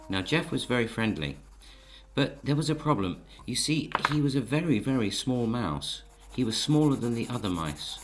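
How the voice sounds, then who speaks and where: A man gently narrating a children's story while he draws the pictures, and he often talks to the audience. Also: mid-range voice, very animated, normal speed, music in the background. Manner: gentle, coaxing, speaks to the audience.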